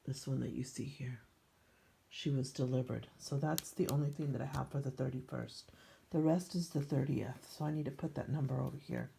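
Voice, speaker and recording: A woman's voice: a bass voice, steady tone, normal speed, gravelly, dark tone, slight background noise. An older woman chatting casually as she shows her scrapbook pages, meandering with frequent ums. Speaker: scrapbooking vlogger. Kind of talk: casual show-and-tell narration.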